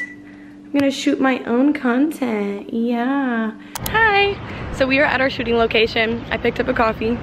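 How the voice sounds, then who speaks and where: Excitable young woman vlogging on her phone. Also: fairly high pitch, noisy background. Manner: excitable, rushed and chatty. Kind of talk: casual vlog to camera. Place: in a car, then a small bathroom. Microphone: phone held at arm's length.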